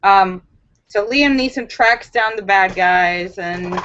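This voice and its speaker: A young woman hosting a casual live stream at home, telling stories in an animated, chatty way with many fillers, on a webcam mic. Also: on the low side, takes it slowly, lo-fi sound.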